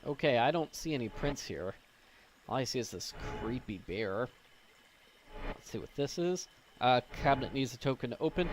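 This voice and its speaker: A man giving live, joking commentary as he plays a puzzle game, thinking aloud and getting excited. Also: medium pitch, fairly quick, slight background noise. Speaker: gameplay commentator. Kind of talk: live let's-play commentary. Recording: commentary over game music.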